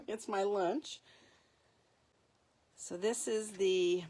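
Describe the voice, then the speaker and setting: A woman's voice: mid-range voice, slow pace, pauses often, a little mellow, breathy edge. A middle-aged woman hosting a live paper craft demonstration, chatty, laughing often and correcting herself mid-sentence.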